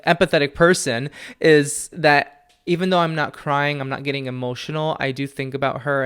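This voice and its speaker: A young man hosting a solo podcast from home, talking candidly and earnestly, often with a soft laugh. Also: mid-range voice. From family from Peru. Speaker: podcast host, psychic medium. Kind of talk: reflective solo podcast talk. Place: at home with his dog.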